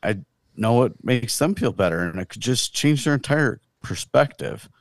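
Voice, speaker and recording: A man's voice: medium pitch, animated, moderate pace, no echo. A man co-hosting a podcast, chatting casually and reflectively about faith, often trailing off mid-thought. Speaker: podcast co-host.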